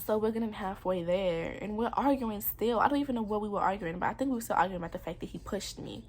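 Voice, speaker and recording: A woman's voice: mid-range voice, quick pace, a little hiss or hum. A young adult woman telling her own story in a personal vlog, candid and earnest, with casual slang. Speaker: vlogger.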